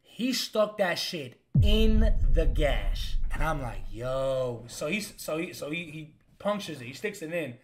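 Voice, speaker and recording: A young man, a comedian, telling a story in a casual, animated and profane way, with punchy lines. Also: on the high side, unhurried, hardly any pauses, a little hiss or hum. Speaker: comedian host.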